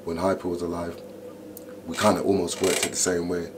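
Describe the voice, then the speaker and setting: A deep, low-pitched man talks casually through an interview, winding through his stories with plenty of fillers and check-ins. A steady hum of background noise runs under his voice. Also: fairly quick. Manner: deep voice, relaxed storytelling, frequent "you know what I'm saying". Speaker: interview guest, MC.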